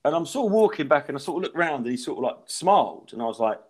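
Stand-up, middle-aged, casual podcast storyteller, very lively delivery, swears a lot. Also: male voice, on the high side, fast talker, breathy edge. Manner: animated storyteller acting out voices, swearing freely. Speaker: podcast co-host, stand-up comedian.

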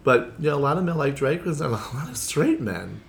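A man's voice: a little high, very animated, a little fast, vocal fry, a little hiss or hum. A man who performs as a drag queen, telling stories in a casual interview. He talks in a chatty, theatrical way, leans on "you know" fillers and acts out the lines of the people in his stories.

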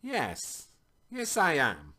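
A man's voice: mid-range voice, very animated, measured pace, fairly bright tone, pitched above the performer's own voice. A man voicing an eccentric, carefree stranger who teases and swings his voice widely. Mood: serious.

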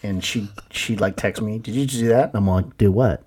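A man's voice: fairly low pitch, brisk, darkish tone, husky. A man co-hosting a casual podcast, telling laid-back anecdotes and swearing casually. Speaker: podcast co-host. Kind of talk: casual chat.

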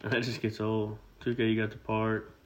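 A man's voice: lowish voice, completely flat delivery, normal speed, muffled recording. A young man co-hosting a podcast, joking, teasing and swearing freely in casual chat. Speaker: podcast co-host.

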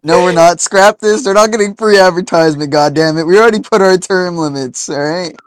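A man with a slightly high voice banters in a casual podcast chat, mostly tossing in short replies. The sound is dry and close. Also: brisk, dry recording.

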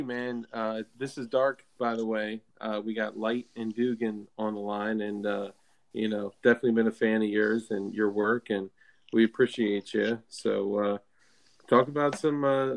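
A man co-hosting a casual podcast, laid-back and quick to laugh. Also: lowish voice, vocal fry. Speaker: podcast co-host.

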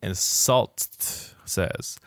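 A man's voice: extremely slow, a bit bright, no echo, studio quality. A man co-hosting a podcast in a casual, joking way, reading a listener review aloud with some stumbles. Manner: laid-back, joking, stumbling over words. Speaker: podcast co-host.

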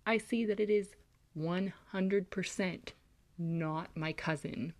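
A woman's voice: on the low side, slow. A young woman from California casually telling a creepy personal story, rambling with lots of likes and ums. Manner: rambling, heavy use of like and um. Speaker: podcast host.

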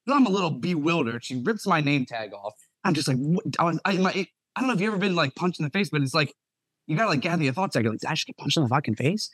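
Profane, animated young man telling a story. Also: fairly high pitch, quick pace, no echo. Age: young adult. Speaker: podcast co-host and nurse. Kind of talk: casual storytelling.

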